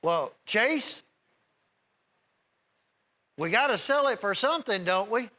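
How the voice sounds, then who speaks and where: A middle-aged man hosting a TV shopping show, giving a folksy, rambling sales pitch straight to viewers. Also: expressive, slow pace, pushed and bright. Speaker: TV shopping host.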